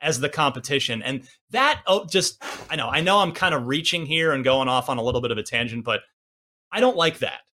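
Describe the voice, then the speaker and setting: Bright-voiced man in his forties, rambling. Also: mid-range voice, expressive, fairly quick. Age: 40s. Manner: rambling, self-deprecating, many restarts. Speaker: podcast host. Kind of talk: casual gaming podcast chat.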